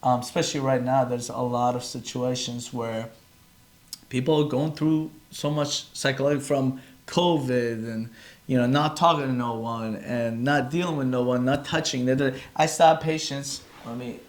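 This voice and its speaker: A man's voice: medium pitch, steady tone, moderate pace. A man, a chiropractor, hosting a casual live podcast from his phone, rambling and earnest, breaking off mid-sentence often. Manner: rambling, self-interrupting, earnest. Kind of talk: casual live-stream chat.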